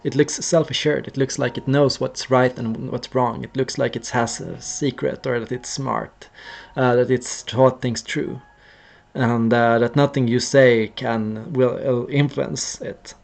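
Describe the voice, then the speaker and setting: A man hosting a livestream, explaining ideas in a casual, thoughtful way and pausing to search for words. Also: mid-range voice, level tone, vocal fry. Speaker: livestream host.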